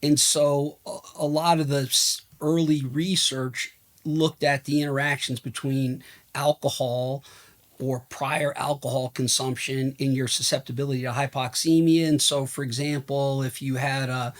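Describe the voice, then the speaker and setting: A man's voice: medium pitch, level tone. Man explaining like a doctor. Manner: measured, explanatory, with hedging fillers. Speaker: guest physician. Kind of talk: explanatory interview answers.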